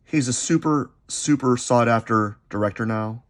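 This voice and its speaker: A man chatting unscripted while he sketches, rambling and halting, often repeating himself as his thoughts drift. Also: medium pitch. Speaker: artist vlogger.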